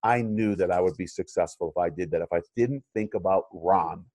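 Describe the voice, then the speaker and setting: A man's voice: sits low, brisk, a little mellow, dry recording. A middle-aged man, a chiropractor and coach, talking in a casual interview, rambling with many fillers and restarts.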